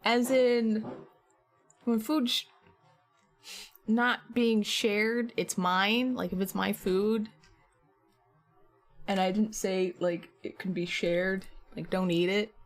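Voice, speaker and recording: A woman's voice: medium pitch, fairly even intonation, slow pace. A woman art streamer chatting casually while sculpting on a live stream, rambling with lots of filler words.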